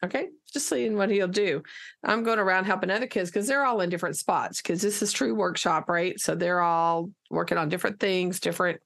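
A woman teacher telling a lively classroom story in casual conversation, acting out the dialogue as she goes. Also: on the low side, brisk, gravelly.

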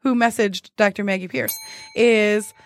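A woman's voice: mid-range voice, fairly even intonation, measured pace. A woman co-hosting a casual chat show, telling a dating story with frequent laughter. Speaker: podcast co-host.

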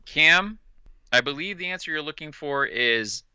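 Bright, joking male co-host. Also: a little high, lively intonation, unhurried, smooth, no echo, lo-fi sound. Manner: joking, sarcastic. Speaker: podcast co-host. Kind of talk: casual podcast chat.

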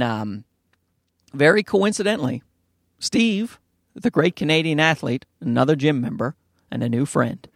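A young man hosting a casual solo podcast from inside his parked car, ranting in a profane, rambling way and jumping up to high pitches. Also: vocal fry, no echo, studio quality. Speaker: podcast host.

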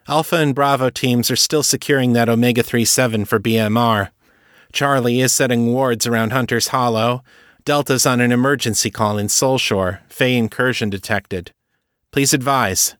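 A man voicing a brisk adult woman dispatcher giving clipped radio reports in an audio drama. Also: medium pitch, fairly even intonation, fairly bright tone, no echo, clean studio sound, voice pushed up, natural voice.

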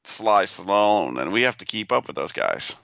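A man's voice: fairly low pitch, big pitch swings, moderate pace, vocal fry, sharp tone, dry recording. Dry-witted man with a dull lo-fi sound. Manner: dry, teasing short replies. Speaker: podcast co-host. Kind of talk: casual chat.

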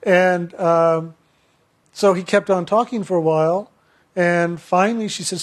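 A man telling a personal story in a chatty, halting way, often repeating words. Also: high-pitched, steady tone.

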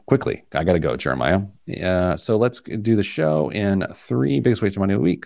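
A man hosting a radio money show, telling stories in a lively, self-deprecating way. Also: low voice, brisk, creaky, few pauses, no room sound. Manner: animated, self-deprecating storyteller. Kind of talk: casual chat, storytelling.

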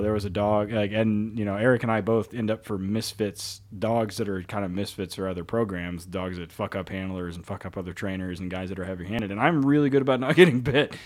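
A man's voice: lowish voice, steady tone, fairly quick. A man hosting a casual podcast, telling profane stories with laughing asides. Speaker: podcast host, kennel dog trainer.

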